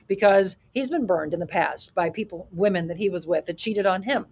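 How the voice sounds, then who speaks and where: A woman's voice: mid-range voice, fast talker, hardly any pauses, darkish tone, slightly rough. A middle-aged woman hosting a live talk show, speaking emphatically with rhetorical questions and reading viewer comments. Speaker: show host.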